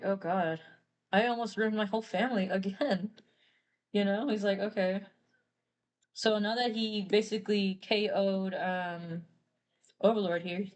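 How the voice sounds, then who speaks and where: A woman's voice: medium pitch, a little mellow. A woman retelling a story casually while drawing on a live stream, rambling and quoting characters with "he's like". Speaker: artist streamer.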